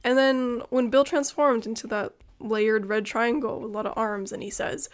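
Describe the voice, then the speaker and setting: Excitable young woman with a higher voice. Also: moderate pace. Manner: excited, swears freely, laughs often. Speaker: podcast co-host. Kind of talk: casual chat.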